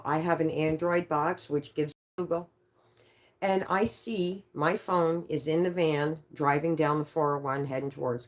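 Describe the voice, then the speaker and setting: A woman from Canada telling a rambling, profane story live to an audience, full of quick asides. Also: sits low.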